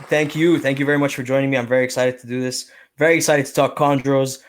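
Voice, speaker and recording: A man's voice: medium pitch, steady tone, fast, no room sound. A man hosting a podcast who gives an upbeat, friendly introduction and then interviews his guest. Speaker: podcast host.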